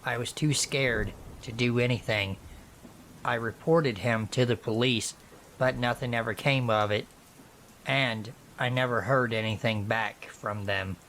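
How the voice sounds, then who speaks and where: A man slowly narrating a true horror story in a measured reading voice. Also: medium pitch, fairly bright tone, slight background noise. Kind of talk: scripted narration.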